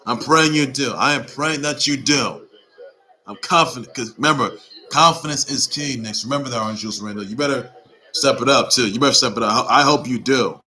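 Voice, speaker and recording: A man with a bright, forceful voice runs through the day's sports news in a loose, unscripted way. He circles back on his own phrases and pushes hard on his points with emphatic exhortations. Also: medium pitch, brisk, poor audio. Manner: rambling and repetitive, with emphatic exhortations. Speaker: sports report host. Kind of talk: casual sports news commentary.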